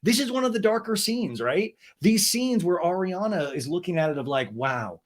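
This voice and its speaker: A man hosting a podcast, recapping a reality show in an animated, gossipy and profane way. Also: high-pitched, normal speed. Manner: animated, gossipy, swears and laughs often. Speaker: podcast host.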